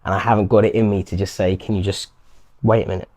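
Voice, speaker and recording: A fast-talking man chats casually in an interview, a professional fighter telling stories. His voice sits low and dark, mellow rather than bright. He keeps slipping into quick impressions of strangers. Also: level tone. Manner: chatty, acts out quotes of strangers. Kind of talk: casual chat.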